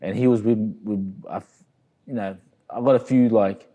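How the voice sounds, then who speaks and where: Brief: Australian man, middle-aged, low and warm-toned, rambling interview storyteller. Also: steady tone, normal speed. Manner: rambling, repeats "you know what I mean". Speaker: interview guest, boxer. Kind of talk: casual storytelling.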